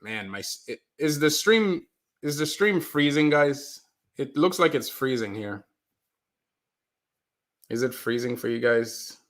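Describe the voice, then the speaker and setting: A man livestreaming casually from his mother's basement chats with viewers, reads their comments aloud and apologizes when the stream freezes. His medium-pitched voice is animated and a bit bright, unhurried, with long pauses.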